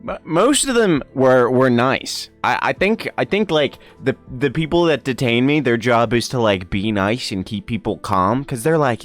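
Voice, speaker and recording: A man's voice: medium pitch, normal speed, hardly any pauses, soft background music. A young man from Ireland with an American-sounding accent, a streamer telling stories in a casual, laughing, swearing manner. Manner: laughing, animated, swears freely. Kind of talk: casual storytelling chat.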